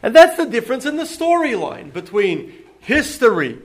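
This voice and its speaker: A man's voice: very high voice, big pitch swings, normal speed. A man giving a public lecture on Judaism to an audience, speaking with many ums and restarts. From United States.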